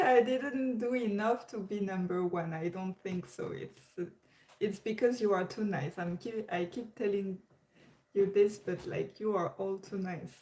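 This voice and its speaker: Slow-talking woman chatting on a livestream. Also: mid-range voice, a little mellow. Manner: chatty, hesitant, many restarts and laughs. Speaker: livestream host. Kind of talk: casual livestream chat. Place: her room. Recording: roomy echo.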